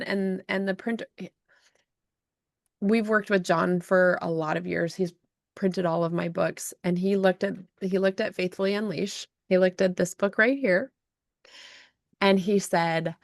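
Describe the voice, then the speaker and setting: A woman hosting a podcast, telling an emotional story in an animated way, with frequent restarts. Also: fairly low pitch, measured pace, creaky, dry recording, studio quality. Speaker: podcast host and self-published author. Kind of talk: casual storytelling chat.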